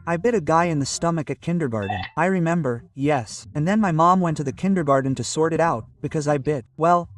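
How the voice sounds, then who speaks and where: A man's voice: a little high, far from the mic. A young man hosting a video, giving casual reaction commentary on clips and often exclaiming at what he sees. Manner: chatty, exclaiming at what he watches. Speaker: video host reviewing clips.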